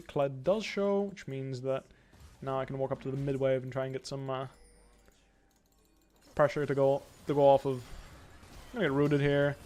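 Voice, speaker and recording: A young man giving live commentary while playing a video game, thinking aloud in a calm, analytical way. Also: mid-range voice. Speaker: pro gamer streaming.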